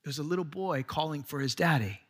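A middle-aged male pastor delivers a sermon in a high, bright voice. He is earnest and urging, drawing out scripture slowly and lifting his pitch as he presses a point home. The delivery sounds like a live church message. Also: breathy edge. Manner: earnest preaching, slows for scripture, rises in pitch when urging.

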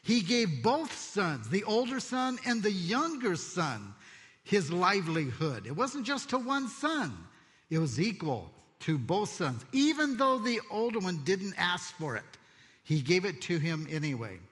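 A man preaching a sermon as pastor, expressive and conversational, telling stories with asides. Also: sits high, measured pace. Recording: long hall reverb.

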